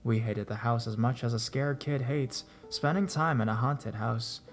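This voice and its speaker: A man reads true ghost stories sent in by readers, a scripted narration delivered in a measured voice at an ordinary middle pitch. He holds a steady storytelling pace, raising his voice as tension peaks, over soft background music.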